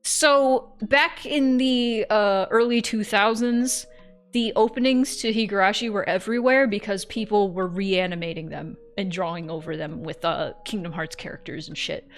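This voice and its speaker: A woman's voice: medium pitch, normal speed, soft background music. A woman co-hosting a game playthrough, chatting casually with swearing and reading narration aloud. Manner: casual, swears freely, animated. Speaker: co-host playing a game. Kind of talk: let's-play chat and narration.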